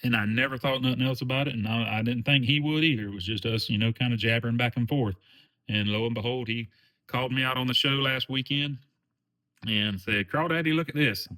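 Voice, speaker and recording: A man's voice: mid-range voice, steady tone, brisk, pushed and bright. A man with a Southern US accent hosting his own channel, talking in a folksy, earnest way with lots of fillers. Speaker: channel host. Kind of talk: casual vlog chat.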